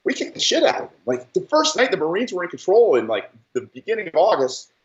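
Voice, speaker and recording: A man's voice: sits high, sing-song, fast, recorded from a distance. A man in his thirties hosts a podcast and tells heated, profane war stories, acting out other people's lines with exaggerated voices. He sounds set back from the microphone in a roomy space. The audio is dull and muffled. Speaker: podcast host, military veteran. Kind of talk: casual chat.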